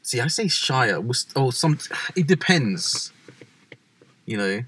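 A young man, chatting casually as a vlog co-host, animated and swearing freely. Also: medium pitch, takes it slowly, slight background noise. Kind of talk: casual chat.

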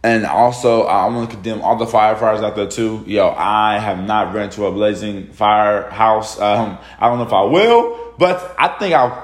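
A man leading a casual morning Bible study, chatty and loose, often stumbling over his words and bursting into excited exclamations. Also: lowish voice, roomy sound. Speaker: devotional leader.

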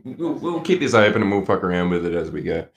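Podcast co-host: very deep, gravelly man, casual and jokey, echoey room. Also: big pitch swings, fast talker. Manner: loose, swearing, jokey. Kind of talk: casual chat.

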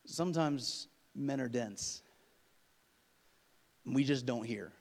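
A man preaching a sermon with humor, swinging from loud emphatic passages to quiet asides and acting out couples' quarrels. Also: medium pitch, normal speed. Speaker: pastor. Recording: long hall reverb.

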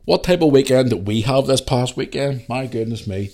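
A man's voice: mid-range voice, moderate pace, warm tone. A man with a Northern Irish accent hosting a podcast, telling stories in a blunt, opinionated way. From Northern Ireland. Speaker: podcast host. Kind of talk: casual monologue.

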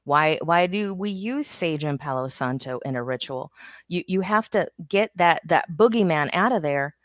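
Brief: middle-aged woman, lowish pitch, dry close mic, frank chatty guest. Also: expressive, moderate pace, dry recording. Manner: candid, storytelling, self-interrupting. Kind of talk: casual chat.

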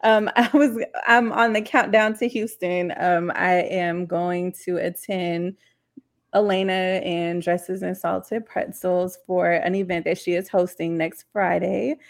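Mother and co-host with a gravelly voice, hesitant, lots of ums. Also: lowish voice, steady tone, unhurried. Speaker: podcast co-host. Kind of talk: casual chat.

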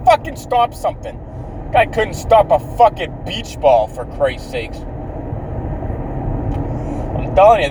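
A man's voice: high-pitched, darkish tone, recorded from a distance, slight background noise, low-quality recording. A man in his thirties from Canada ranting outdoors in a bitter, profane way, swearing constantly.

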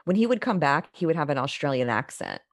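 A woman's voice: low-pitched, very animated, fast talker, dry recording, clean studio sound. A woman hosting a podcast, chatting casually and teasing her guest, laughing often. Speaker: podcast host.

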